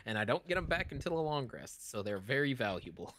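A man playing in a tabletop game, relaxed and chuckling, with many fillers. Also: mid-range voice, fast talker. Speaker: player. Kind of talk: casual tabletop play.

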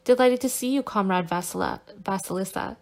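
Calm, crafty young man, read by a woman. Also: mid-range voice, brisk, close to an everyday voice. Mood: excited, cheerful. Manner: calm and resolute, with a teasing edge. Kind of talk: audiobook character reading.

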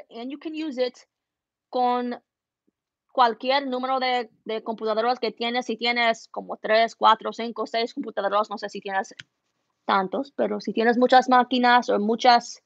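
A woman with a somewhat high voice chats casually from her home embroidery studio, answering viewers' questions as they come in. She laughs at herself and moves easily between two languages. The sound is dry and slightly muffled. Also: dry recording. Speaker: embroidery business owner answering live chat. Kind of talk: casual chat switching between English and Spanish.

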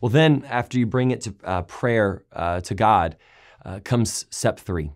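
A pastor preaching a sermon, retelling scripture stories with lively, raised voices for the quoted complaints. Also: male voice, lowish voice, unhurried. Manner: animated storytelling, raising voice for quoted complaints. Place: large church auditorium.

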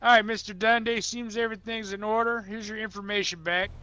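A man playing a police officer in a game roleplay, talking in a relaxed, colloquial drawl. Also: high-pitched, a little fast, clear, resonant tone. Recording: dull lo-fi sound.

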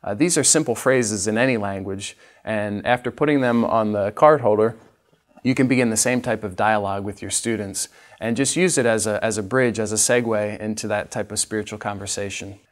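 A man's voice: lowish voice, a little fast. A man teaching a literacy training session, patiently demonstrating each step for teachers. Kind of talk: instructional training talk.

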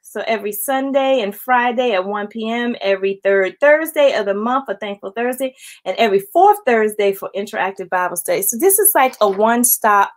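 A woman with a voice a little higher than most talks casually through a haul on a late-night stream at home. She chats easily and keeps calling her viewers y'all. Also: brisk. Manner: chatty, addresses viewers as y'all, greets chat commenters. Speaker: planner vlogger hosting a late-night live stream. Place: at home, indoors.

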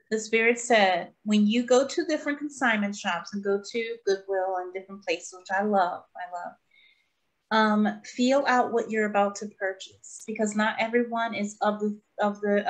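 A woman hosting a casual spiritual group chat, exclamatory and preachy, repeating key phrases. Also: medium pitch. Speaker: host of a spiritual talk.

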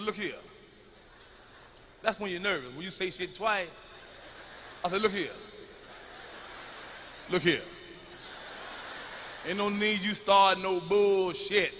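A middle-aged man performing a stand-up comedy routine, telling stories loudly and with plenty of profanity. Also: high voice, normal speed, slight background noise. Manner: loud, profane storytelling. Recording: live arena recording with long reverb.

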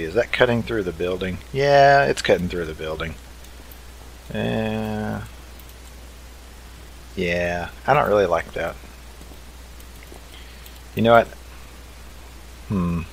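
A man with a low, deep voice talks casually through a game session, thinking aloud as he works. His delivery is relaxed and easygoing. A faint hiss of noise sits under the recording. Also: creaky, low-quality recording. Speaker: let's play host.

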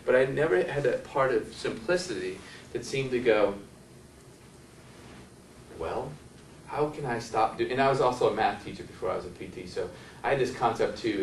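A man's voice: mid-range voice, a little hiss or hum. A man, a physical therapist, telling rambling anecdotes to a workshop audience and asking them questions. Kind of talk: anecdotal lecture to a live audience. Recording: echoey room from a distant mic.

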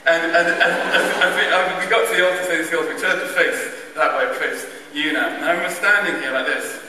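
A man's voice: a little high, fast talker, bright, forceful tone. A man telling a funny, self-mocking childhood story to a church audience, chuckling as he goes. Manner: wry, self-mocking, chuckling anecdotal delivery. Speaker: speaker at a church carol event. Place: large church. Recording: distant echoey church recording.

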